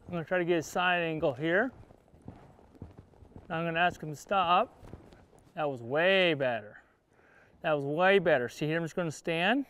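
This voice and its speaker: A man with a fairly high, slightly bright voice rides as he teaches horse training, pausing often at a moderate pace. He gives his horse short commands and explains things to viewers in plain cowboy talk during this instructional lesson in an outdoor arena.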